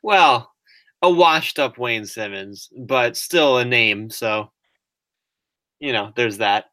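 A man's voice: medium pitch, lively intonation, takes it slowly, bright, forceful tone, dry recording, studio quality. A man co-hosting a casual sports podcast, wry and teasing, laughing easily. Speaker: podcast co-host.

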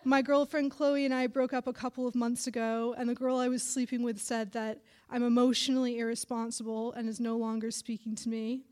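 A young woman reads her own literary fiction aloud, in a fairly high voice. Her narration is dry and wry, with an even, measured delivery. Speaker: writer reading her story. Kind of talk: literary reading.

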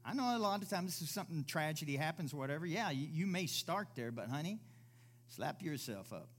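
A man's voice: a little high, very animated, a little fast. A man preaching a sermon in a church service, emphatic, firing off rhetorical questions and acting out the voices he quotes.

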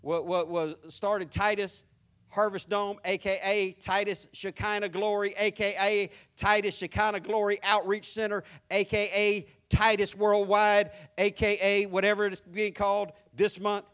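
A man with a high, light voice and a Southern country accent preaches a folksy sermon. He mocks pretension and swings from hushed asides to loud, hooping emphasis. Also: level tone, unhurried, clear, resonant tone. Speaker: pastor.

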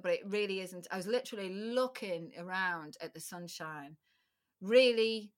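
A woman's voice: on the low side, a bit bright. A middle-aged woman, a podcast guest, recounting a personal story candidly and emotionally, with frequent restarts and occasional swearing.

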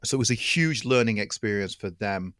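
A man's voice: lowish voice, lively intonation, brisk, a bit bright, dry recording, clean studio sound. A man co-hosting a film podcast, chatting with enthusiasm and often restarting and repeating words as he builds a point. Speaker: podcast co-host. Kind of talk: casual film chat.

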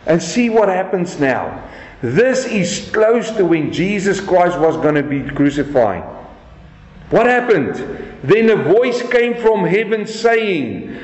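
High-voiced man preaching in echoey hall. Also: big pitch swings, slow pace. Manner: rhetorical questions, emphatic scripture reading. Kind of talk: sermon. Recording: echoey room, dull sound.

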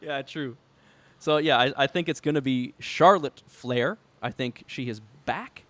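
A man co-hosts a casual podcast chat about wrestling, talking enthusiastically and laughing often. His mid-range voice is fairly bright and unhurried, with no room sound.

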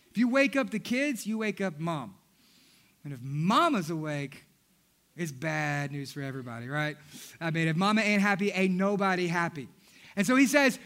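A man with a high, fairly bright voice preaches a sermon in church. He tells funny stories and speaks directly to the congregation.

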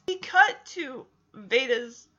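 Lady chatting thru a movie plot, acts out the lines, high voice, kinda muffled audio. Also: slow pace. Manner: animated, acts out characters' lines. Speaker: film recap host. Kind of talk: casual movie recap.

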